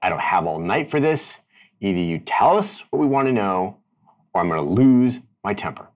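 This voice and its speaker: A man voicing an impatient woman who threatens a captive, in his own low voice. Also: big pitch swings, normal speed, a little mellow. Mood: threatening.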